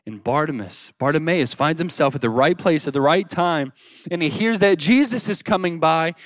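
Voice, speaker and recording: A man preaching a sermon, swinging between loud pleading cries and quiet, hushed lines as he acts out the story. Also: a little high, no room sound, clean studio sound. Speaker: pastor.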